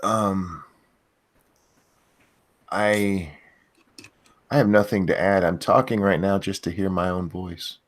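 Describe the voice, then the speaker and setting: A man with a very deep, low voice, sounding tired as if he has just woken up. He co-hosts a casual stream, trading drowsy, joking banter with the others. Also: fairly even intonation, takes it slowly, pauses often. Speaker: podcast co-host. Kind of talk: casual live stream chat.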